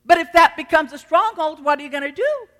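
Woman preacher, sermon delivery, sharp bright tone, emphatic repetition, long church reverb. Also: sits high, expressive, brisk. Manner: emphatic, repeats phrases for force.

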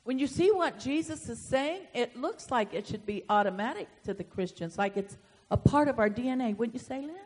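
A woman's voice: on the high side, animated, brisk. Woman pastor, emphatic sermon, long church reverb. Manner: emphatic preaching with sudden loud swells and soft asides. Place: church sanctuary.

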